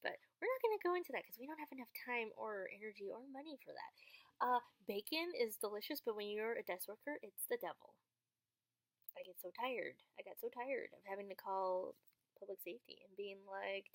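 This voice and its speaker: A young woman chatting casually to the camera as she answers viewers' questions, acting out quoted lines with sudden high jumps in her voice. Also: animated, moderate pace, a bit bright, no room sound. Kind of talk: casual storytelling vlog.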